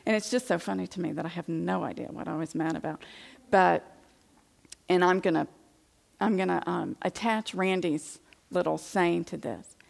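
A woman's voice: fairly low pitch, normal speed, creaky. A middle-aged woman giving a Christian testimony talk to women, telling her story with animation and acting out her past indignation. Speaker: Christian speaker addressing women.

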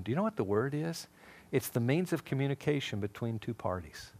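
A man's voice: medium pitch, fairly quick. A man teaching a Bible lesson in a sermon style, telling stories and acting out the dialogue. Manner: animated storytelling, acting out dialogue.

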